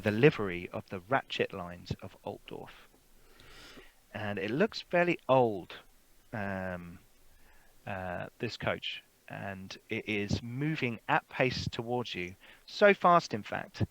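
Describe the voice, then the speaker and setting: A man's voice: on the low side, fairly bright tone, dry recording, rough recording. A man narrating as game master, loose and chatty, with many fillers and laughs. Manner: loose, chuckling, full of fillers.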